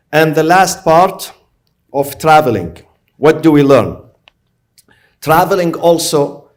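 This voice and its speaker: A man with a slightly higher-than-average voice delivers a sermon. He speaks emphatically, building his points through repeated phrases and long lists. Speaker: religious lecturer.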